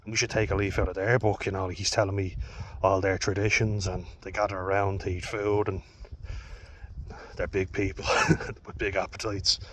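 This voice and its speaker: An Irish man with a fairly low voice talks loosely to his viewers, wandering from point to point and correcting himself as he goes. He speaks bluntly, curses now and then, and uses the easy delivery of a rugby coach. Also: flat delivery, normal speed, a bit bright, slight background noise. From Ireland. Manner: rambling, frank, swears, with frequent fillers and self-corrections. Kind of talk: casual monologue to camera.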